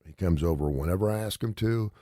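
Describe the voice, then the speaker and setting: A man's voice: deep voice, fast talker, dark tone, no echo, studio quality. A middle-aged man hosting a radio talk show, telling a story in an emphatic, rambling, repetitive way.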